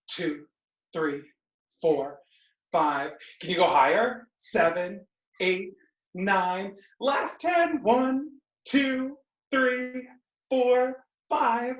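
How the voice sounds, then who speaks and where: A woman teaching a live online exercise class, counting reps and giving brisk cues with playful asides, over a video call from a room at home. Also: on the low side. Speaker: fitness instructor. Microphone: computer mic on a video call. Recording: echoey room.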